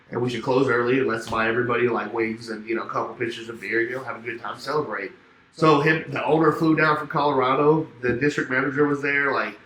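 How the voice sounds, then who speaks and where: A young man telling a rambling party story in casual chat, swearing and laughing, acting out both sides of phone calls. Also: medium pitch. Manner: swearing, laughing, animated anecdote with quoted dialogue. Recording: echoey room with faint ambience.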